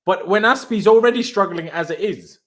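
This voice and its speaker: A man's voice: high voice, brisk, fairly bright tone. A young man hosting a football fan stream, ranting in exasperation and firing off rhetorical questions in casual chat. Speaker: host of a football reaction stream. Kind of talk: heated post-match fan reaction chat.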